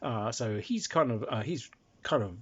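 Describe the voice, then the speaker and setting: Saxon peasant man, played by a man, husky, rambling and plain, swinging in pitch. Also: lively intonation, normal speed, a bit bright. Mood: matter-of-fact. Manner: matter-of-fact, rambling. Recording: dull lo-fi recording.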